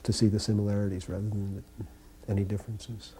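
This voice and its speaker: A man calmly telling stories from his years as a devotee, recounting memories in an unhurried way. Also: lowish voice, a little hiss or hum. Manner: calm, unhurried anecdote telling. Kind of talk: reminiscing storytelling.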